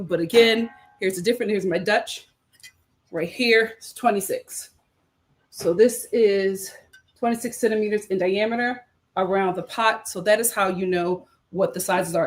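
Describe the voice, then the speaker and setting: Chatty american lady on a livestream, upbeat, lots of "you know" and side comments. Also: medium pitch. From United States. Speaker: lifestyle streamer. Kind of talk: casual livestream chat.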